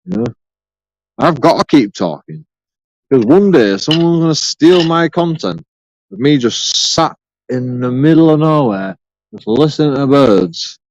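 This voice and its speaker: A man's voice: mid-range voice, lively intonation, measured pace, a little mellow, no room sound, dull audio. A man rambling sarcastically through a profane solo vlog, repeating himself as he goes. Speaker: YouTube auditor.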